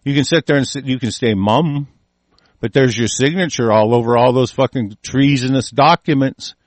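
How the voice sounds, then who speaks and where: A man's voice: mid-range voice, normal speed, no echo. A man delivering an angry, profane political rant, combative and swearing constantly. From United States.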